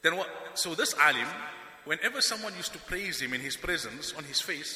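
A man's voice: on the high side, fast talker. A man giving a sermon as a preacher, telling stories with animation and acting out the people he quotes. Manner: animated storytelling, acts out quoted speakers. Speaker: Islamic preacher. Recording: echoey hall with long reverb.

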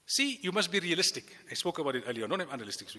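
A man preaching a sermon with lively delivery, acting out the voices he quotes. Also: fairly high pitch, racing, long reverb tail. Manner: animated, acts out quoted voices. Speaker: Islamic preacher.

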